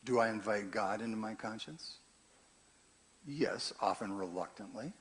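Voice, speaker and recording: Older pastor preaching conversationally. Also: male voice, on the low side, a little slow. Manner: conversational preaching, swings from quiet asides to loud emphatic scripture reading. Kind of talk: sermon.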